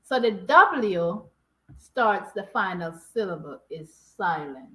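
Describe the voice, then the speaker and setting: A woman co-hosting a casual reaction video, playful and quick to laugh. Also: medium pitch. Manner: laughs often, animated and playful. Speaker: reaction channel co-host. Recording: echoey room.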